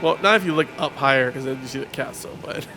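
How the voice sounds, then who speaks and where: A man giving casual live commentary while streaming a game, talking to his chat in an excitable, rambling, slangy way. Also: mid-range voice, quick pace, background noise. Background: game music.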